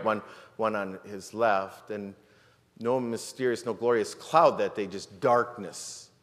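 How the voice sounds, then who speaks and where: A man's voice: on the low side, fairly bright tone. A man preaching a sermon as pastor, retelling a story dramatically with many rhetorical questions and repeated words. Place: church sanctuary. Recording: long church reverb.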